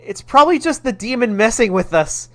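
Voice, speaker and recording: A man's voice: very high voice, very animated, a little fast, voice pushed up, exaggerated voice. A man voicing a nervous, flustered young adult son in a game, pleading and defensive. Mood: panicked. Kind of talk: reading game dialogue aloud.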